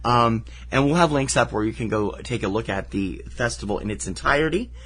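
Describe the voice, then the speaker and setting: A man's voice: mid-range voice, expressive, a little fast, fairly bright tone. A man co-hosting a casual film podcast, wry and teasing, rambling with fillers as he runs through festival titles. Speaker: podcast co-host.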